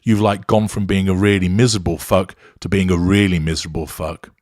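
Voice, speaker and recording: A man's voice: deep voice, steady tone, fairly quick, darkish tone, dry recording, studio quality, natural voice. A man voicing an abusive, entitled man, quoting him in a sarcastic and belittling way. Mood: contemptuous.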